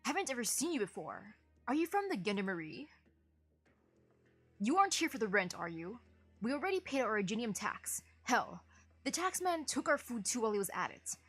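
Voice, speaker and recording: A woman voicing a wary, hostile male village farmer who speaks defensively and gruffly while reading a game's story aloud. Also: on the high side, big pitch swings, fairly quick, fairly bright tone, no echo, faint music behind, heavily acted. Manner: defensive and gruff, turning scornful.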